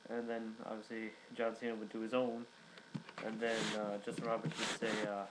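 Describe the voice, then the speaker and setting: Young male reviewer, rambling casual recap, low monotone voice. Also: moderate pace, noisy background. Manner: rambling, many fillers and restarts. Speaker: wrestling reviewer.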